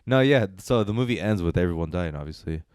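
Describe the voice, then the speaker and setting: A man with a low, smooth and resonant voice talks loosely through a film review, and he often circles back with fillers and restarts. The sound is dry and close, with no room echo. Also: animated, fast talker, darkish tone. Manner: rambling, hesitant, many fillers and restarts. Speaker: podcast co-host reviewing films. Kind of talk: casual chat.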